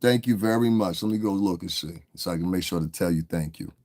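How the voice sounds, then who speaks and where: A man's voice: low voice, fairly quick, a little mellow, dry recording, studio quality. A man hosting a live stream, talking loosely and with lots of cursing to viewers in the chat. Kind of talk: casual live-stream commentary.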